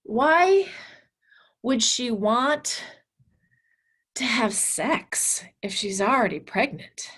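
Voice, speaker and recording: A woman's voice: on the high side, expressive, drawn-out words, pauses often, a bit bright, slightly rough, full character voice. A woman voicing a puzzled teenage boy student who keeps pressing his question. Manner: insistent, questioning.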